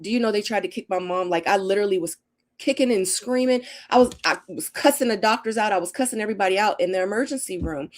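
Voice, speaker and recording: A woman's voice: mid-range voice, fast talker. A middle-aged woman hosting a casual live Q&A, reading viewer comments and telling stories in an emphatic, chatty way. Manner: chatty, emphatic, storytelling with acted-out quotes.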